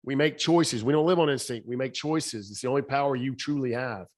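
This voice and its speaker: At medium pitch and a fairly quick pace, a middle-aged man with a Southern accent motivates listeners as a podcast guest. He's a speaker and author whose slightly shaky voice stays emphatic, returning to key phrases again and again.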